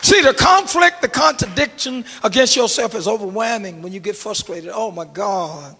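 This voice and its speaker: A middle-aged man preaching a sermon to his congregation, swinging from hushed asides to shouted exclamations and calling out to the crowd. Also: high-pitched, expressive, normal speed, vocal fry. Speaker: pastor. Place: church sanctuary. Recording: long reverb of a large church hall.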